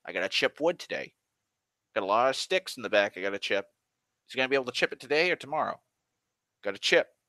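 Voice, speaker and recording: An impatient, nagging homeowner, mimicked by a man, repeats his demands over and over in an eager, pushy tone. The voice is bright and a little sharp. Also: mid-range voice, expressive, fast talker, vocal fry, pauses often, dry recording, studio quality.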